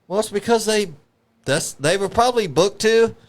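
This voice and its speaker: A man's voice: high voice, normal speed. A man co-hosting a casual wrestling watch party, wisecracking and correcting the others on wrestling terms. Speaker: co-host.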